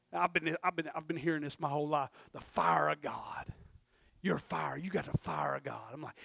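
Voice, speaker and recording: A middle-aged man preaching a sermon, swinging from hushed murmurs to shouted fervor. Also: high voice, vocal fry, no room sound, studio quality.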